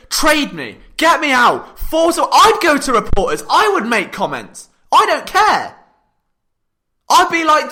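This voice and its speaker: A man's voice: very high-pitched, very animated, sharp tone. A man hosting a sports podcast, delivering an impassioned, exasperated unscripted rant. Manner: impassioned and exasperated, fast rhetorical ranting.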